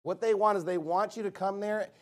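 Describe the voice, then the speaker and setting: A man with a fairly high voice delivers a sermon from the pulpit. He is emphatic and blunt, firing off rhetorical questions and answering each with a single punchy word. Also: fairly even intonation, a little fast, slight background noise. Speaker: preacher.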